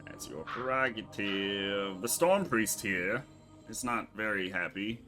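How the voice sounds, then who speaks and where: Man, game master, tabletop session, casual, swears a lot, lowish bright voice. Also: lively intonation, takes it slowly, soft background music. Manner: laid-back, swears casually, laughs often.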